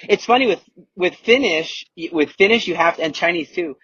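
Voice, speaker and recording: A man's voice: sits high, expressive, brisk, a bit bright, slightly rough, no echo, dull audio. A man from the United States, a podcast guest talking emphatically and repeating key words, heard over a remote call. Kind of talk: casual interview talk.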